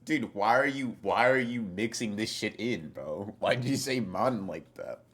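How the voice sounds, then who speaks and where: Man, podcast co-host, low voice, exasperated, profane casual banter. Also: measured pace, breathy edge. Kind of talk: casual chat.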